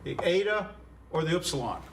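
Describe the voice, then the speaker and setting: A man's voice: fairly high pitch, sing-song, fairly quick, distant mic, slight background noise. A man teaching an introductory Greek class in a conversational lecture style, quizzing students and chuckling at his own puns. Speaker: Greek instructor.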